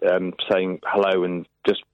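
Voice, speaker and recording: A man's voice: sits low, completely flat delivery, measured pace, no echo. A man calling in to a radio show, talking in a laid-back, friendly way. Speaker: caller. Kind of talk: phone-in call. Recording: muffled phone line.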